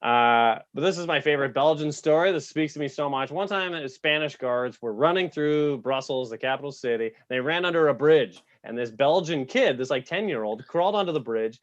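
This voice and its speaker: A man's voice: on the high side, a little fast, few pauses, dry recording. A man from Canada doing a stand-up set at an online open mic, with a loose, chuckling delivery and mocking put-on voices. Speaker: stand-up comedian. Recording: dull, muffled sound.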